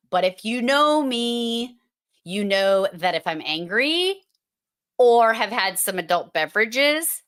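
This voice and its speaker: Slow, playful woman with a Boston accent. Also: a little high, a bit bright. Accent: Boston, Massachusetts. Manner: playful, emphatic, teasing. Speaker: host. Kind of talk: casual livestream chat.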